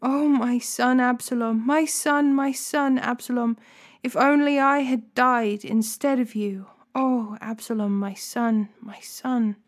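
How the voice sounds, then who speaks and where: A woman's voice: on the high side, steady tone, takes it slowly. A woman reading the lament of a grieving old king who mourns his son. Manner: lamenting, repeated cries.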